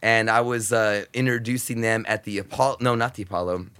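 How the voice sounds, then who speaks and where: A satellite radio host appearing as a podcast guest speaks fairly quickly in a low-leaning, clear and resonant voice. In a casual storytelling interview, he's animated and profane, acting out the voices of crowds and crews.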